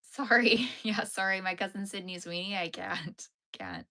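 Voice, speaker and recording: A woman's voice: medium pitch, big pitch swings, a little slow, pushed and bright. A Canadian woman from the far north hosting a knitting livestream, chatting casually with viewers, laughing easily and saying "like" a lot. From Yellowknife, Canada. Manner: chatty, uses "like" as a frequent filler, laughs easily. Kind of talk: casual livestream chat answering viewer comments.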